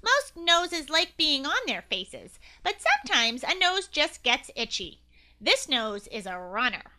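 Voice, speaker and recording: Woman doing a nasally secret agent guy from a kids storybook, loud and earnest, bouncy pitch. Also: very animated, a little slow, heavily acted.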